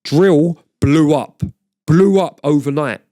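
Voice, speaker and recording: A man's voice: a little high, takes it slowly, warm tone. A middle-aged man, a podcast guest telling stories in blunt, swearing street slang. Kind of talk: casual storytelling chat.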